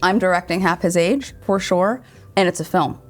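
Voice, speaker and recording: Low-voiced, earnest woman in her thirties. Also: normal speed, faint music behind. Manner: earnest and thoughtful, with frequent restarts. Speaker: guest, writer and showrunner. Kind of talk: reflective interview conversation.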